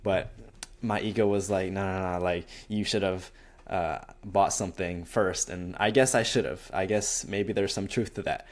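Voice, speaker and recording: A man's voice: low voice, normal speed. A young man, a college student, giving casual life advice to camera, rambling and acting out little conversations. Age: young adult. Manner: rambling and animated, acts out quoted exchanges with lots of "like". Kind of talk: casual self-help talk to camera.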